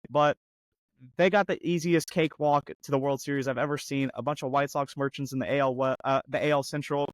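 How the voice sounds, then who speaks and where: A sports podcast co-host rants heatedly, mocking a team with rapid-fire rhetorical questions as his slightly high voice goes hoarse. He's losing his voice, and the recording has no room sound.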